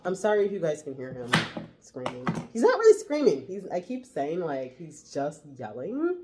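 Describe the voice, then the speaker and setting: Low-voiced mother chatting in her kitchen. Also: wildly swooping pitch, moderate pace, very noisy. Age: 40s. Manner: chatty, talks while cooking. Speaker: vlogger mother. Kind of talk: casual vlog talk. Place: home kitchen. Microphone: camera set on the counter.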